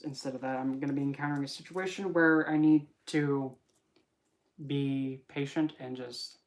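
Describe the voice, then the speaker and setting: A tarot reader in a casual vlog who rambles, jokes and keeps interrupting themselves. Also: medium pitch. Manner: rambling, joking, self-interrupting.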